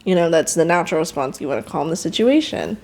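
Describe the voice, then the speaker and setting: Young woman guest, candid and emotional storyteller, frank, mid-pitched voice. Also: animated, quick pace, a little mellow. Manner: emotional, frank, quotes others in raised voice. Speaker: podcast guest.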